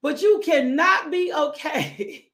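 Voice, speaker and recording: High-voiced fervent woman preacher. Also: slow, fairly bright tone. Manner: fervent, with sudden whoops and call-and-response; calls out to congregation members by name. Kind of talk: sermon.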